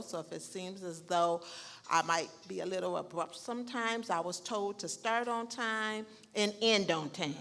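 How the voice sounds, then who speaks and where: A woman's voice: lowish voice, a bit bright. A woman chairing a public meeting, speaking plainly and in a businesslike way. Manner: plain, businesslike, a few fillers. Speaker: task force chair.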